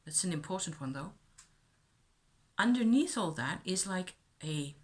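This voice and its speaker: A middle-aged woman thinking aloud about her childhood in a reflective personal monologue, with many pauses and restarts. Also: on the low side, lively intonation, fairly bright tone. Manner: thoughtful, musing, with many fillers and restarts.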